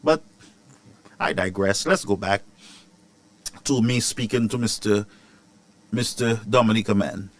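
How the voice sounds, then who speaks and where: A man, hosting a news commentary show, ranting about politics with rhetorical questions and sharp asides. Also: fairly low pitch, unhurried, pauses often, no echo.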